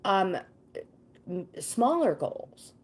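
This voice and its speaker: A woman's voice: mid-range voice, sing-song, very slow. A woman hosting a casual livestream, greeting viewers by name and reading tarot cards in a chatty, easily sidetracked way. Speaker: livestream host and tarot card reader.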